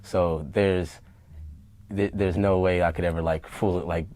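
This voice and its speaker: A man's voice: sits low, little pitch movement, measured pace, a little mellow. A man talking as a rapper guest in an interview, blunt, profane and heated, with many fillers. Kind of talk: casual interview talk.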